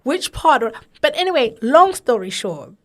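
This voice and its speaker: A woman's voice: high-pitched, big pitch swings, normal speed. A woman from Zimbabwe, co-hosting a podcast, telling a long story in casual chat and checking in with "right?" and "you know". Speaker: podcast co-host.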